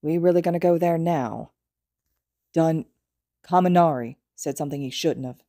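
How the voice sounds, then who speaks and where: Woman doing a gruff hot-tempered teenage boy. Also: normal speed, dark tone, dry recording, studio quality. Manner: curt, grumbling, low-voiced.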